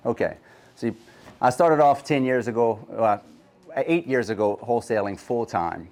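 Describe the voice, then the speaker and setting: A man's voice: medium pitch, normal speed, darkish tone. Brash Southern man addressing a crowd. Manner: brash, profane, rhetorical questions to the crowd. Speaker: guest speaker. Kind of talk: live seminar talk. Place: conference room with live audience.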